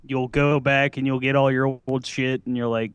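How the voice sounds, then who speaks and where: A man's voice: medium pitch, flat delivery, moderate pace, clear, resonant tone, no echo, lo-fi sound. A man co-hosting a podcast, rambling through crude, joking anecdotes in casual banter. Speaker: podcast co-host.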